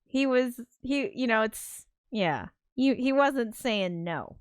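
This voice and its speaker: A woman's voice: fairly high pitch, expressive, slow, clean tone, dry recording. Woman streamer chatting loosely, lots of likes and you knows, cusses a bunch, dry close sound. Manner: rambling with many fillers, swears freely. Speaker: streamer hosting film commentary. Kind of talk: casual chat.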